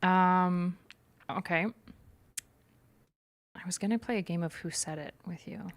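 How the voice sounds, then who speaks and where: A woman's voice: on the low side, fairly even intonation, a little slow. A young woman co-hosting a casual livestream chat, explaining clinical terms in a chatty way with plenty of fillers. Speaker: co-host.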